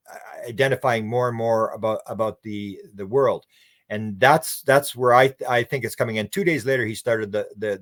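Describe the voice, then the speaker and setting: Appearing as a guest, a UFO researcher from Canada speaks at medium pitch with a Canadian accent, responding to interview questions and narrating a story in which he acts out quoted lines with animated changes of voice.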